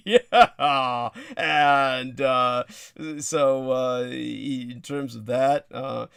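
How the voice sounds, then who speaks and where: A man's voice: medium pitch, fairly even intonation, slow, gravelly, fairly bright tone, clear, resonant tone, dry recording, studio quality. A man hosting a casual livestream chat, rambling with lots of fillers and asides. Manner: rambling with many fillers and laughs. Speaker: livestream host.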